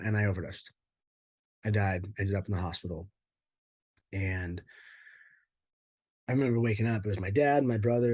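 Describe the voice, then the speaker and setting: A man's voice: lowish voice, breathy edge, no echo. A man telling his life story in an interview, candid and rambling, with many fillers and casual swearing. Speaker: interview guest, former pro fighter.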